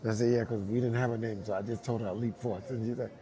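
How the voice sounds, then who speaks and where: A middle-aged man, a dancer telling a lively story and acting out the voices of the people in it. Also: on the low side, very fast. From Brooklyn, New York. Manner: acts out both sides of dialogue, laughing often. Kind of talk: animated storytelling.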